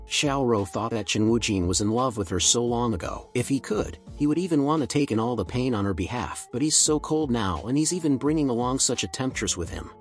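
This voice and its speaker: A man narrating a story recap in a flat, steady reading manner, voicing every part himself. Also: mid-range voice. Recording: faint music behind.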